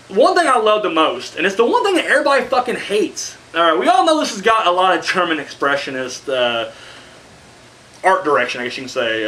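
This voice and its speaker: A man's voice: high voice, sharp tone. A man reviewing horror films in a rambling, profane way, full of fillers and sarcastic asides. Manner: profane, rambling, heavy on "you know" fillers. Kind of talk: casual rambling film review.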